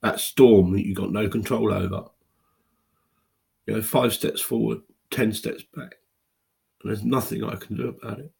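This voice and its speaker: Tearful, very husky low-voiced man in his fifties. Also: flat delivery, a little mellow. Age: 50s. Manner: halting, raw and emotional, with pauses and restarts. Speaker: video blogger. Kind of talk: personal confessional monologue.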